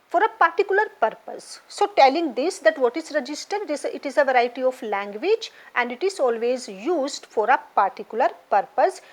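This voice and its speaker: A woman, teaching an exam lesson and patiently explaining syllables and stress, often repeating words. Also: high-pitched. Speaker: English teacher. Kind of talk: exam preparation lecture.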